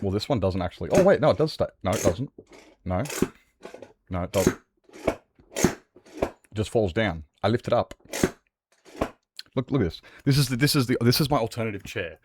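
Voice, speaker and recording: A man's voice: on the low side, animated, normal speed, pauses often, heavy background noise. An Australian man chatting casually and swearing freely with his viewers as a livestreamer, rambling from one thought to the next.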